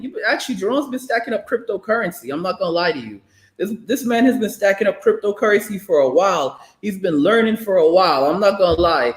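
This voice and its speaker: A man with a high voice hosts a loose livestream and ribs his viewers as he reads their messages. He talks in a joking, animated way, and his voice rings around an echoey room. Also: fast talker. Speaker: livestream host reading chat. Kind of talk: casual livestream chat.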